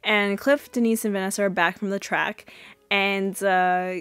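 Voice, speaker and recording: A woman in her twenties hosting a podcast, retelling a TV episode in a chatty, animated way with many fillers. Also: mid-range voice, a little slow, clear, resonant tone, no room sound. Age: 20s. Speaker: podcast host. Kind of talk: casual episode recap.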